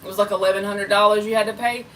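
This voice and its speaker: A woman's voice: medium pitch, fairly even intonation, rapid-fire, fairly bright tone, far from the mic, a little hiss or hum, low-quality recording. Chatty woman tarot reader on a live stream. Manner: chatty, rambling, talks straight to viewers. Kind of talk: casual livestream chat.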